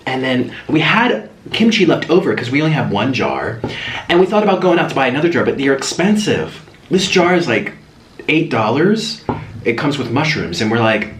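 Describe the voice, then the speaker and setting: A young man chatting casually while eating, in a food vlog, excitable and chatty between slurps. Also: medium pitch, moderate pace. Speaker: food vlogger. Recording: echoey room with faint hiss.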